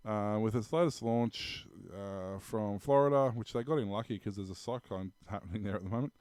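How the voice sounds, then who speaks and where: Smooth-voiced rambling Australian man. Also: on the low side, a little fast, darkish tone, no echo. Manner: rambling, many ums and restarts, laughs often. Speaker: podcast co-host. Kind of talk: casual tech news chat.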